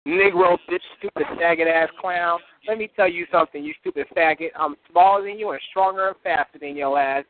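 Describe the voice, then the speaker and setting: A man with a high voice hurls profane, boastful trash talk and breaks into laughter between threats. The sound is thin and tinny, like a phone line. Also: a little fast, few pauses.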